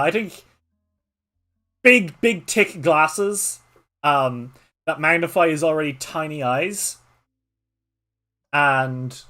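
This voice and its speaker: A man's voice: on the high side, bright, forceful tone. A man with an Irish accent narrating a solo tabletop game as game master in a rambling way, with many fillers.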